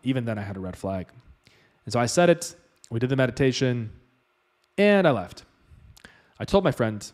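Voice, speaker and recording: A man's voice: mid-range voice, expressive, moderate pace, long pauses. A man casually telling a personal story in a loose, chatty way, full of fillers.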